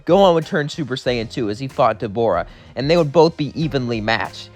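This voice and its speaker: A man's voice: mid-range voice, animated, brisk, few pauses, darkish tone, faint music behind. A young man casually narrating his own fan-fiction adventure, rambling and acting out every character himself. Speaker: storyteller.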